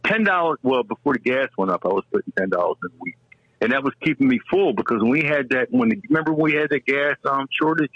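A man chatting casually as a co-host, rambling and excitable with some swearing. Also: mid-range voice, fast talker, husky, no room sound, highs cut off. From American South. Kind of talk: casual chat.

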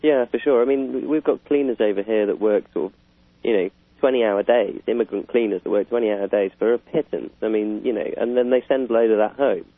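A man's voice: lowish voice, fairly even intonation, brisk, no room sound. A British man in casual political chat, rambling with fillers and chuckling. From Britain. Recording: tinny phone-like line.

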